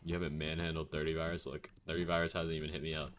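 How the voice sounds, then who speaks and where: Deep-voiced man streaming casually. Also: little pitch movement, racing, a bit bright, slight background noise. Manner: joking, self-mocking, defensive. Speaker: game streamer. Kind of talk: casual livestream chat reading comments.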